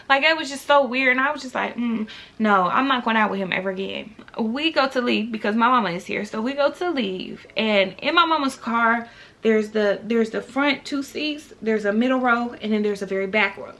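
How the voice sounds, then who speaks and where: Young woman vlogger, higher voice, chatty storytime to viewers, incredulous. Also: moderate pace, vocal fry. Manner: animated, talks to viewers directly; exasperated, incredulous. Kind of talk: casual storytime.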